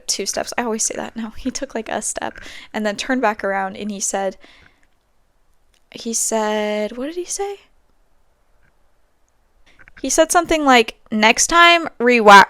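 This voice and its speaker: Young woman rambling on her podcast, bit high, smooth voice, dry sound. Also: fairly bright tone, no echo. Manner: chatty, rambling storytelling with many fillers. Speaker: podcast host. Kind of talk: casual chat.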